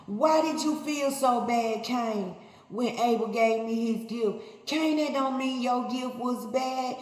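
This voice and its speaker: A woman's voice: a little high, slow pace. A woman voicing God as he scolds a jealous son, with stern, repetitive questioning. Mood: scolding. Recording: echoey hall, faint ambience.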